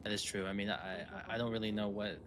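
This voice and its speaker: A man's voice: fairly low pitch, fairly even intonation, quick pace. A man in a game role-play, talking hesitantly and stumbling over repeated words. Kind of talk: casual role-play chat. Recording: voice chat with noticeable background noise.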